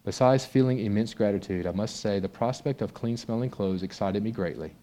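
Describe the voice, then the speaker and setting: Mellow-voiced man preaching. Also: on the low side, a little fast. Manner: conversational, reads aloud expressively. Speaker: pastor. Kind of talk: sermon with a read-aloud story.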